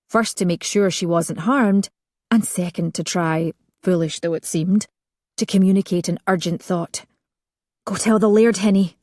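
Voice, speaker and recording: A woman narrating a romance audiobook with measured storytelling. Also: lowish voice, darkish tone, dry recording, studio quality.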